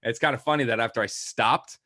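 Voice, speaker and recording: A young man talks quickly on a podcast, spinning a rambling, casual story packed with "like" and acted-out quotes. His voice sits at an ordinary middle pitch and sounds close and dry, with little room around it. The pace rarely lets up. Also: no echo. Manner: rambling anecdote full of "like", animated quoting. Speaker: podcast co-host.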